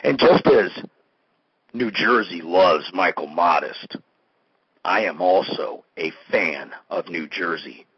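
A man's voice: low voice, slow, husky. A man hosting a comedy show, swinging from bombastic proclamations to mumbled asides. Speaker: host. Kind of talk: mock-grandiose comedic monologue. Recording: dull lo-fi recording.

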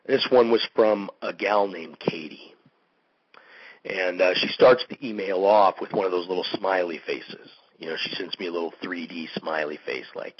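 A man hosting a show, a pro wrestler ranting in a heated, animated monologue full of "you know" and "man.". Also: on the low side, moderate pace, husky, no room sound, dull audio. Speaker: podcast host, pro wrestler.

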